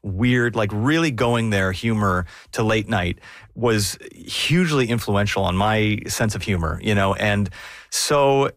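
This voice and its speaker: A man telling stories as an interview guest, chatty and quick to laugh. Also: fairly low pitch, a bit bright, no room sound, clean studio sound. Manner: chatty, laughs often, restarts mid-sentence. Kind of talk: casual interview storytelling.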